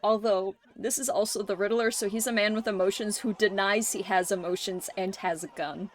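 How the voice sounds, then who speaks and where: A woman hosting a livestream, chatting casually with viewers, laughing often and swearing freely in animated reactions. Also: medium pitch, a little fast. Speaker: livestream host.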